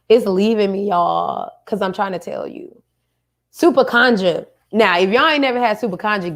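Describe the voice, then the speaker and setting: A woman host talks casually to her audience in a slightly low voice. Her delivery is lively and full of slang, as if chatting with friends. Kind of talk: casual talk to viewers.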